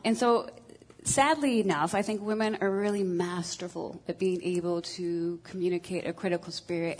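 A mid-range female voice comes through a rough recording as she candidly discusses marriage before a group of women. She pokes fun at herself and peppers her speech with ums and uhs.

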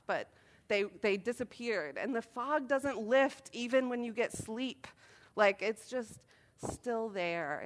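A woman in her thirties speaking at a moms' meeting, telling funny, self-deprecating stories in an animated way. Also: medium pitch. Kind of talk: humorous talk to a group.

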